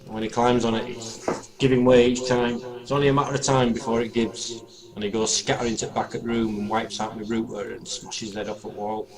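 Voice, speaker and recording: A man chats on a stream in a plain, matter-of-fact way. His voice sits at an ordinary middle pitch. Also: little pitch movement, a little fast, a crowd in the background, poor audio. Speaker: live stream participant. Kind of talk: casual chat.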